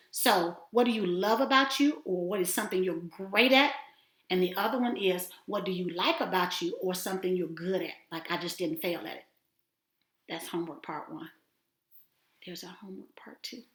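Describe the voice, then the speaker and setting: A woman teaching a self-affirmation lesson in an encouraging, animated way, at times dropping to a near-whisper. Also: medium pitch. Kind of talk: casual spoken lesson. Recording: roomy echo.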